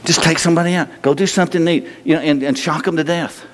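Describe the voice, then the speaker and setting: A man's voice: a little high, fairly even intonation, fast talker. Folksy male preacher in a reverberant hall. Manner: folksy, humorous, restarts, rising to bursts of emphasis. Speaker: pastor. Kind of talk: sermon. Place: church sanctuary.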